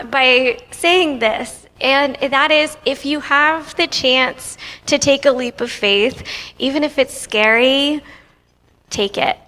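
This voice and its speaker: A woman's voice: fairly high pitch, bright, forceful tone. A young woman telling a personal story to an audience, chatty and laughing often, speaking into a handheld microphone in a convention hall. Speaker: guest speaker. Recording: reverberant hall.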